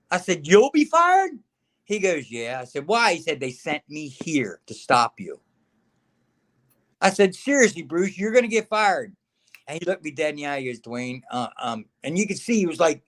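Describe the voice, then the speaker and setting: A middle-aged man, a former wrestler, telling career stories in a casual interview, acting out the quotes of others and often calling the listener man or brother. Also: a little high. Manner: animated storyteller acting out quotes, says man and brother a lot.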